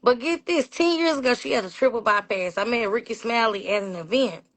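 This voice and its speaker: A high-pitched woman from Fort Worth, sharing personal stories in a casual interview. She talks in a lively, chatty way, says "y'all", and acts out the voices of people she quotes. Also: fairly quick. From Fort Worth, Texas. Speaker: interview guest, PR business owner.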